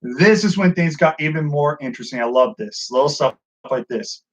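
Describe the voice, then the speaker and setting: A man co-hosting a wrestling review show in casual, profane commentary, excitable and acting out what the wrestlers said. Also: fairly high pitch, moderate pace. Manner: excitable, swears a lot, acts out quotes. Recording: dull lo-fi sound.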